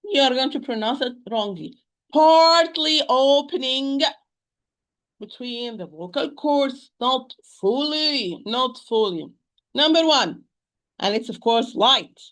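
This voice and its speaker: A woman with a slightly high voice teaches a recitation lesson. She speaks haltingly, repeating words as she searches for them. She pronounces examples aloud and drives rules home by saying them twice. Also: lively intonation, a bit bright. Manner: stresses rules with emphatic repetition.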